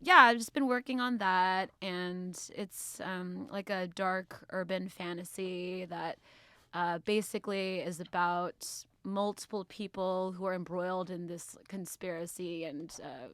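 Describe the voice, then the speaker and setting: Woman guest on a podcast, kinda low voice, playful and laughs a lot, dry sound. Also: fairly even intonation, measured pace, bright, forceful tone, clean tone, no echo. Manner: laughs easily, chatty and playful. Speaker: podcast guest, comic book writer. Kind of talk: casual podcast chat.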